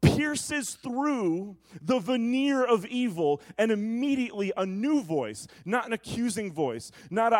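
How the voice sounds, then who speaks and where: A man with a notably high-pitched voice delivers a sermon as pastor. He swings from emphatic, proclaiming lines to hushed, wry asides to the room. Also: lively intonation, moderate pace, few pauses. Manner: preaching, shifting from booming to hushed asides.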